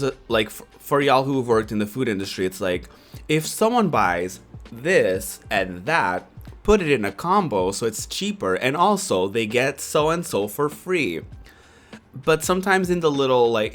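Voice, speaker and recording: Young male streamer, casual anecdote, animated delivery, expressive pitch. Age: 20s. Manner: animated, filler-heavy, laughing often. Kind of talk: casual storytelling.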